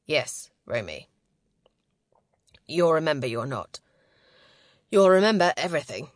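A woman voicing a firm but gentle male commander who speaks with quiet, steady authority in a storybook reading. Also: on the high side, a little slow, no room sound, studio quality, voice pushed down.

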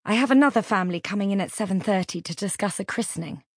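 A woman's voice: mid-range voice, dry recording, clean studio sound, close to an everyday voice. A woman doing a fussy, nervous male reverend. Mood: hurried. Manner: hurried and eager to please. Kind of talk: audiobook character voice.

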